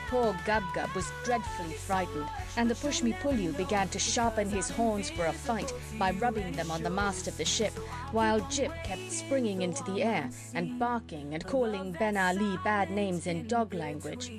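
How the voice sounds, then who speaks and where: A woman narrating a classic children's story as an audiobook reader, steady and clear. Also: medium pitch, normal speed, over music. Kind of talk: scripted narration.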